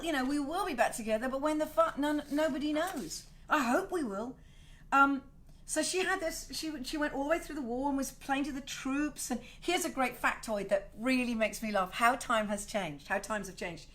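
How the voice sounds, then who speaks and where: A woman's voice: fairly high pitch, fairly bright tone. A middle-aged woman from South Wales, hosting a casual livestream rant, emotional and swearing freely as she rambles. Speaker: host.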